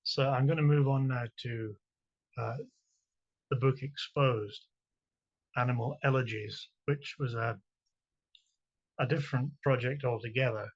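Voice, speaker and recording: Scottish man, poet; husky tone, middle pitch, halting patter between poems, chanted verse, muffled lo-fi sound. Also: fairly even intonation. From Scotland. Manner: halting, repeats words while explaining, slow chant-like delivery of verse. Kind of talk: poetry reading with spoken introductions. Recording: dull lo-fi recording.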